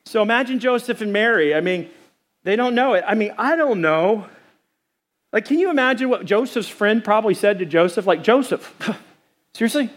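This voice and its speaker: A middle-aged man preaching a sermon in church, animated and joking, acting out little scenes. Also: high-pitched, fairly quick. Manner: animated, joking, acts out quotes. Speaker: pastor. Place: church sanctuary.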